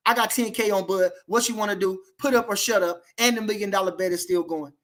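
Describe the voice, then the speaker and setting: A man hosting a boxing channel livestream, reading the chat and trash-talking loudly and profanely, with many "you know" fillers. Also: sits high, fast talker. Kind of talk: livestream rant.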